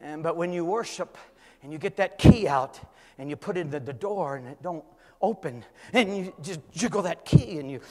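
Older guy pastor preaching, tells stories, goes soft then yells, kinda high voice, long church-hall echo. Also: animated, moderate pace. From California. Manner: storytelling preacher, swings from quiet to shouting. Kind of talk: sermon. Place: church sanctuary.

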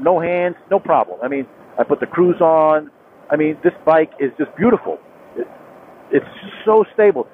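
A man, talking casually into a helmet mic while riding his motorcycle on a rural highway, rambling with lots of fillers and restarts. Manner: rambling, repeats himself, many fillers and restarts. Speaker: motorcycle vlogger. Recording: tinny phone-like helmet mic with road noise.

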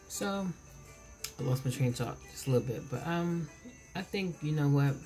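A woman's voice: deep voice, expressive, normal speed, mellow, soft background music. A woman in her forties vlogging at home while eating, rambling and chatty, recorded on her camera. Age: 40s. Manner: rambling, self-interrupting, chatty. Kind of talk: casual vlog while eating. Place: home, indoors. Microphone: camera mic.

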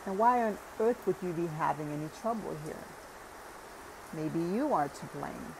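A cheerful old wife who teases her husband playfully, read by a woman narrator. Her voice is gravelly and unhurried in a storybook reading. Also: deep voice, lively intonation, background noise, full character voice. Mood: teasing. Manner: teasing, half-whispered asides.

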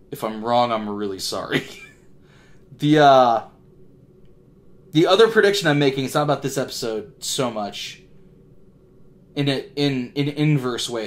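A young man hosting a TV reaction video, talking in a casual, rambling, self-deprecating way with frequent restarts. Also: mid-range voice. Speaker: reaction channel host.

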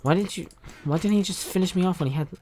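A man hosting a gaming channel, rambling through Minecraft commentary and bursting into loud angry yelling. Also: high-pitched, fast, a little hiss or hum.

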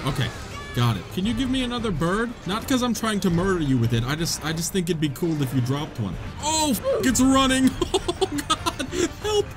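A young man giving comedic, excitable commentary while playing a video game, laughing often, with game music behind him. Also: on the high side. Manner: joking, excitable, frequent laughter. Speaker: gaming YouTuber. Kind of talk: comedic let's-play commentary.

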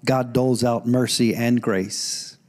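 A middle-aged man preaching a sermon in a church, animated, breaking into loud calls when he quotes. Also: mid-range voice, slow. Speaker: pastor. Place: church sanctuary.

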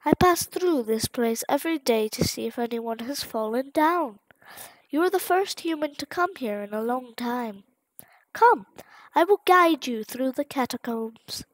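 A woman voicing a gentle, motherly goat-like guardian from a video game, speaking her lines in a soft, formal and reassuring way. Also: sits high, lively intonation, measured pace, no echo, poor audio. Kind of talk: reading game dialogue aloud.

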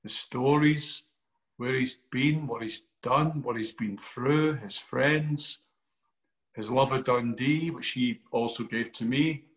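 A Glaswegian actor telling an animated interview anecdote, acting out quotes and swearing freely. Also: male voice, medium pitch, takes it slowly. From Scotland.

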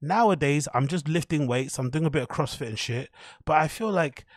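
A podcast host tells a story in a casual monologue, his fairly high voice lively in intonation and fairly quick, captured in a dry, clean studio recording. His delivery is loose, profane, and chatty, packed with "like"s and repeats.

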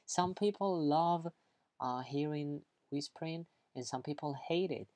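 A lively English teacher walks learners through vocabulary in a casual, talkative way. The teacher keeps checking understanding with quick asides and playfully acts out each example. The voice sits at an ordinary middle pitch. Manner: upbeat, chatty, keeps checking in with "okay?"; playful, acts out examples, laughs at own jokes. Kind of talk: online grammar lesson, explaining vocabulary.

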